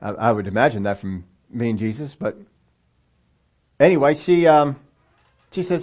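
A man's voice: mid-range voice, animated, moderate pace, pauses often, darkish tone, muffled recording. A man preaching a sermon in a conversational way, acting out the voices of the story's people for a congregation with children present. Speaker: pastor. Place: church sanctuary with children present.

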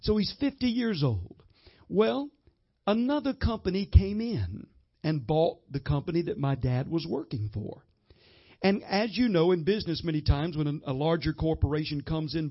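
High-voiced emphatic male preacher, muffled recording. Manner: emphatic preacher, repeats phrases for the congregation. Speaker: guest minister. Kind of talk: sermon with storytelling. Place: church hall with congregation.

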